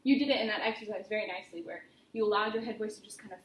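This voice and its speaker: A woman's voice: medium pitch, very fast. Woman, singing teacher, chatty, encouraging, roomy studio, faint background noise. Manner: chatty and encouraging, explains with imagery. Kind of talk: private singing lesson instruction.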